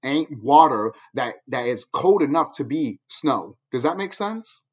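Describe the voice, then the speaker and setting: A man's voice: mid-range voice, very animated, measured pace, breathy edge. A man ranting at viewers in a profane, angry, preachy monologue, heard on a dull lo-fi recording. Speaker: vlogger.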